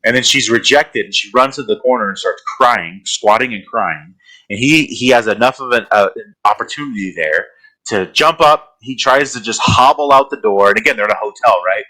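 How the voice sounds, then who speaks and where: A man's voice: medium pitch, moderate pace, bright, forceful tone, low-quality recording. A man co-hosting a horror podcast, retelling a film plot in a rambling, casual way full of fillers. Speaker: podcast co-host.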